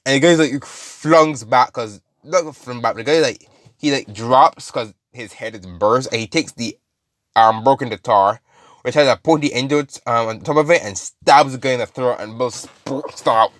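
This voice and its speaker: A man's voice: medium pitch, moderate pace, a bit bright, no echo, studio quality. Rambling man telling a story. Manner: rambling, many fillers and restarts. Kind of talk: casual storytelling.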